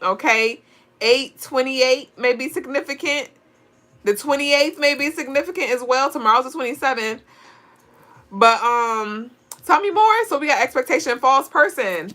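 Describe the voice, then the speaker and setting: A woman's voice: high voice, expressive, normal speed, bright, forceful tone, soft background music. Chatty woman giving a live tarot reading. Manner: chatty and playful, laughing often, talks to chat viewers. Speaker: livestream tarot reader and astrology host.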